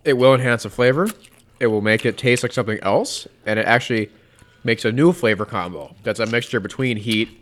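A man's voice: mid-range voice, brisk, a bit bright. A man chatting with friends during a hot sauce tasting, rambling and fumbling for words as he explains his thoughts. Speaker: taste tester. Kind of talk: casual group chat.

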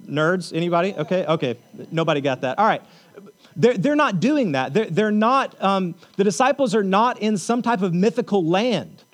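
A man's voice: sits high, lively intonation, normal speed. A male pastor preaching a conversational sermon in a church, often checking in with the congregation and making joking asides.

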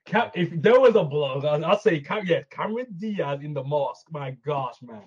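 A man co-hosting a podcast from a warm room at home, laughing and exclaiming in casual chat. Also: on the high side, animated, normal speed, highs cut off, a crowd in the background. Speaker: podcast co-host.

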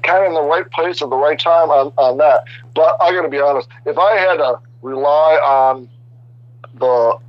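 A man in his sixties, a guest artist, telling casual stories in an animated, rambling way with many restarts. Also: mid-range voice, no echo, highs cut off. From Chicago area. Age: 60s. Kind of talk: casual storytelling interview.

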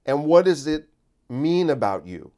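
A man's voice: on the high side, very animated, measured pace, mellow. A man hosting a podcast, talking casually and incredulously, full of restarts and rhetorical questions. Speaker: podcast host.

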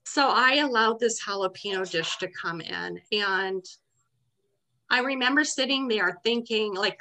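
A woman's voice: fairly high pitch, measured pace. A middle-aged woman, a teacher, telling a story casually and animatedly, acting out what she said. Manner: animated, acts out her own past words.

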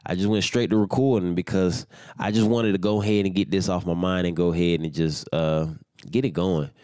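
Young male podcast host, low-ish voice, sleepy, profane, rambling solo chat, dry close mic. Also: fairly even intonation, fairly quick, dark tone, clear, resonant tone, no echo. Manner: loose, rambling and profane, yawning. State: sleepy, without his morning coffee.

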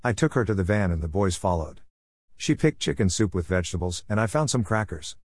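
A man narrating a storybook in a steady, plain reading voice. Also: low-pitched, a little fast, no echo.

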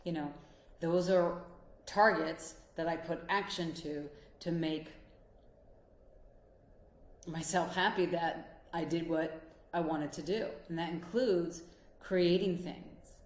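In a slow, fairly even voice pitched somewhat low, a life coach and couples therapist offers encouragement directly to the listener, leaving long pauses. The motivational monologue echoes around a spacious room.

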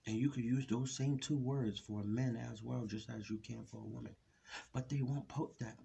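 Low gravelly man ranting on camera. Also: mellow, a little hiss or hum. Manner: blunt, ranting, rhetorical questions to the audience. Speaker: vlogger. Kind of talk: solo opinion rant to camera.

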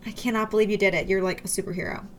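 A young woman chats easily as a podcast co-host, bubbly and quick to joke. A faint hum of room ambience sits behind her voice. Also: mid-range voice, steady tone. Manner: chatty, bubbly, joking. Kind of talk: casual chat.

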